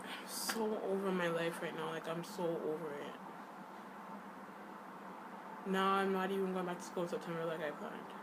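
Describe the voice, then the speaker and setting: A woman's voice: fairly low pitch, fairly even intonation, normal speed, long pauses, very noisy. Frustrated young woman ranting to camera. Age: young adult. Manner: upset ranting, heavy use of "like". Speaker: vlogger. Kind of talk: casual venting to camera.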